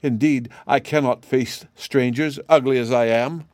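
A man's voice: mid-range voice, fairly even intonation, a little slow, a little mellow, no echo, clean studio sound, natural voice. A man voicing a gloomy, despairing man hiding away under a curse of ugliness, with a sad, hollow voice. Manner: wailing, gloomy.

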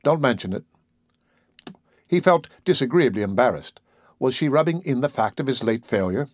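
A man narrating a story in an expressive, scripted reading. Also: mid-range voice, fairly quick, no room sound, clean studio sound.

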